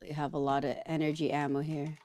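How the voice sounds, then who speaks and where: A woman's voice: deep voice, little pitch movement, fairly quick, a little mellow. A woman teammate in a game, talking casually, hesitant and reassuring. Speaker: streamer teammate.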